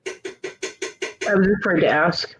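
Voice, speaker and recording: A woman hosting a casual live stream hangout, chatting in an animated way and laughing often. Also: lowish voice, slow, music in the background, rough recording. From United States. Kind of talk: casual chat.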